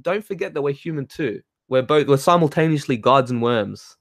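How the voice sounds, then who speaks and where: A man's voice: medium pitch, lively intonation, moderate pace, no echo, studio quality. A man ranting heatedly in casual talk, swearing and laughing as he reads and answers comments. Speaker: spiritual talk host reading chat.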